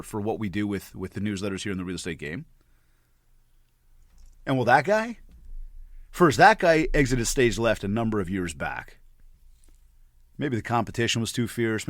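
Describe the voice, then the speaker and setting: A man of about forty, a podcast host, telling an animated story and often repeating words as he gets worked up. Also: on the low side, moderate pace, long pauses, dry recording, studio quality. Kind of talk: storytelling monologue.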